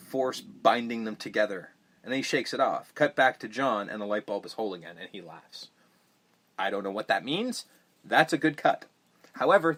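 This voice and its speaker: A man in casual podcast chat about a movie, with a middle-pitched voice. He rambles and swears freely, and he gets animated when he pokes fun at odd scenes. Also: slight background noise. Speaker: podcast host.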